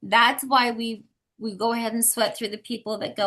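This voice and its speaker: A woman's voice: a little high, level tone, moderate pace, pushed and bright. A woman leading a sales team on a motivational call, talking bluntly and emphatically, often laughing.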